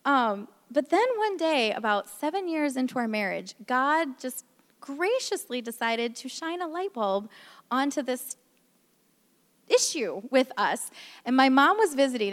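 A woman giving a candid, self-deprecating personal testimony about her marriage at a church gathering, with many fillers. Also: fairly high pitch. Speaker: speaker sharing a marriage testimony. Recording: long reverb in a large hall.

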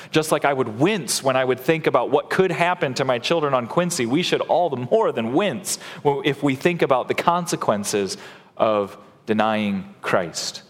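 A male pastor preaching a sermon in an earnest way, restarting phrases and jumping in pitch for emphasis. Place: church sanctuary. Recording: long church-hall reverb.

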